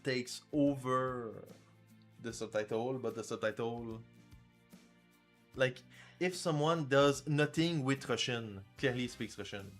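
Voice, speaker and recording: A man's voice: mid-range voice, slow, faint music behind. Joking, crude male game developer on stream. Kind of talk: casual livestream chat.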